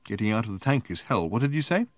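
A man voicing a drunk, rambling man telling a tall tale, talking loud, halting and insistent. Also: fairly low pitch, sing-song, no echo, studio quality. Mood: tipsy.

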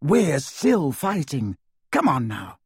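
Dreamy teen girl in an audiobook, soft and soothing, read by a man; slightly husky, dry close sound. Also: a little high, huge pitch swings, dry recording, full character voice. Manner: soft, soothing, slow at times. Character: dreamy calm teenage girl, gently encouraging. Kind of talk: audiobook character voice.

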